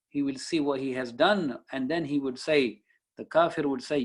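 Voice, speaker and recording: A man's voice: mid-range voice, moderate pace, husky, poor audio. A man teaching a Quran lesson, reciting verses and explaining each one in English. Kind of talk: Islamic study lecture.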